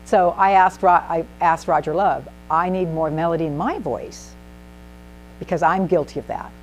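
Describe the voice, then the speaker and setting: A woman with a fairly low voice presents to a small group in a meeting room. She is animated and emphatic and keeps putting questions to the audience. A faint electrical hum sits under her voice. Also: normal speed, poor audio. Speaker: speaker at a speaking club. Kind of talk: instructive presentation.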